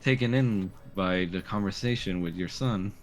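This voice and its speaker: Man playing a female circus dancer, flirtatious, teasing, coy, low voice. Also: moderate pace, soft background music, close to an everyday voice. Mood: flirty. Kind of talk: tabletop role-play.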